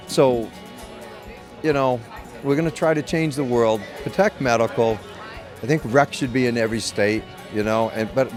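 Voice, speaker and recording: A middle-aged man from Maine, a medical cannabis caregiver, telling his story in an interview in a blunt, profane, rambling way with many restarts. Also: mid-range voice. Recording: loud music under voice. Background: music.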